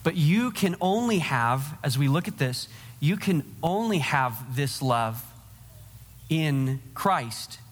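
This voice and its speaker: Man, pastor, earnest sermon, slightly high voice, slow delivery, long hall reverb. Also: animated. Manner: earnest preaching, addressing the congregation directly.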